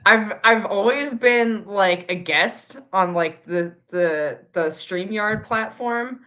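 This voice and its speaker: A woman's voice: mid-range voice, slow, sharp tone. A woman co-hosting a casual livestream chat, talking over a video call with lots of fillers and restarts. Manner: chatty, hesitant, filler-heavy. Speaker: co-host.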